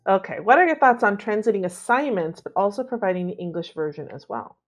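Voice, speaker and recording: A woman moderating a webinar, reading out audience questions briskly. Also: mid-range voice, lively intonation.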